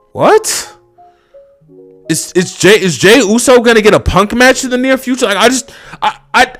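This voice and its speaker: A man's voice: sits high, fairly bright tone. Exasperated young man ranting. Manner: exasperated, profane, full of fillers. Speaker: wrestling reviewer. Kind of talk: unscripted rant.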